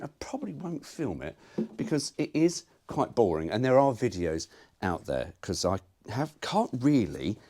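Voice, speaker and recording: Husky, chatty man. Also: fairly low pitch, darkish tone. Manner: chatty, rambling and jokey, with swearing. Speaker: car vlogger. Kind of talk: casual workshop chat to camera.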